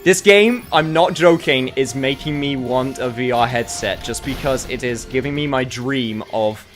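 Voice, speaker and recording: A man streaming a game demo, talking casually and excitedly as he plays. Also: faint music behind. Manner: excitable, enthusiastic, quick shifts in pitch. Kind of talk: casual gameplay commentary.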